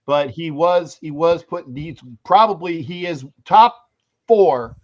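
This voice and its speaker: A man co-hosting a casual sports talk show, jokey and loud, breaking into shouts. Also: on the high side, animated, slow pace. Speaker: podcast co-host. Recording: dull lo-fi audio.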